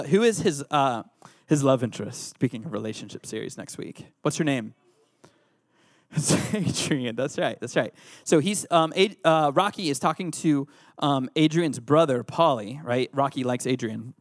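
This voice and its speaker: A man's voice: medium pitch, no room sound, studio quality. A man preaching a youth sermon, playful and teasing the audience. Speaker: youth pastor.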